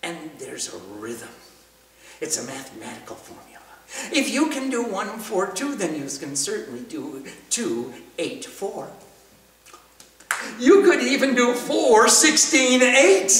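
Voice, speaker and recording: A man teaching a class on Sanskrit meters and breathing, leading the chanting and practice with soft laughs. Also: high-pitched, very animated, measured pace. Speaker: spiritual teacher. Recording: roomy hall, from far off.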